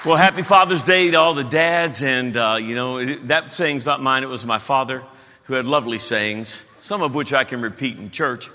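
A folksy pastor in his fifties with a lilt, telling stories and jokes from the pulpit. His voice is bright and forward, and a long church-hall reverb trails after it. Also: medium pitch, normal speed, faint music behind. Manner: folksy, joking, animated storytelling. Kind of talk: sermon. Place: church auditorium.

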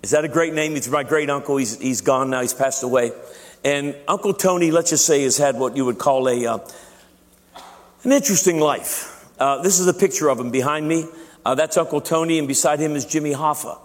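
This man's voice is slightly high and a bit fast as he preaches as pastor, conversational and self-deprecating, frequently starting sentences over. His words ring out with the lingering echo of a big hall.

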